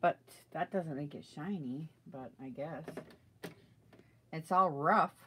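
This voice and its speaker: Low-voiced rambling woman crafting on camera. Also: slow pace, very noisy. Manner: rambling, thinks aloud, asks viewers for advice. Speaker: craft video maker. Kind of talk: chatty live crafting video.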